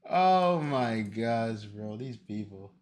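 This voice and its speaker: A man's voice: mid-range voice, extremely slow, darkish tone. A young man streaming casually, rambling and exclaiming to himself as he sets things up. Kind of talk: casual stream chat while setting up a video.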